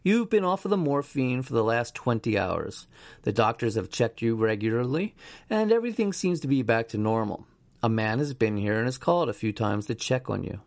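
Man doing a calm young male nurse. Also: medium pitch, moderate pace, no echo, lightly acted. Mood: reassuring.

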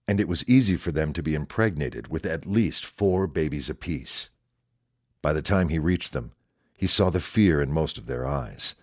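A man reads a story aloud in a steady, measured way. His voice is very deep. The recording is dry and close. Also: no echo. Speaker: narrator. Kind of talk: scripted story narration.

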